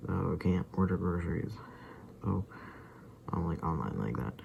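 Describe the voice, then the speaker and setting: Low gravelly man, half-whispered vlog talk. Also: expressive, normal speed, a little hiss or hum, rough recording. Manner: often drops to a soft unvoiced whisper; loose and rambling, full of fillers and asides. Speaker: vlogger. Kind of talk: casual rambling vlog talk.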